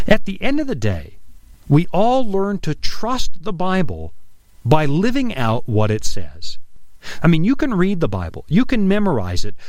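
A man preaching an earnest radio sermon, dropping his voice low for quoted scripture. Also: a little mellow, no room sound. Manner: earnest, emphatic, drops low for quoted lines. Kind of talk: broadcast sermon.

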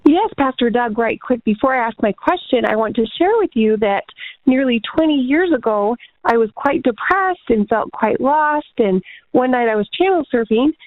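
A woman phones in to a radio Bible program, earnest and polite. Her voice sits a little high and comes through a tinny phone line. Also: lively intonation, moderate pace, no echo. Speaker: caller to a radio show. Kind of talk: phone call-in.

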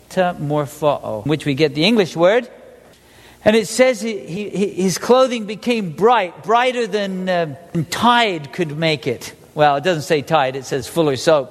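A man's voice: high-pitched, big-room sound. A man preaching a sermon, quoting scripture in character and asking the audience questions.

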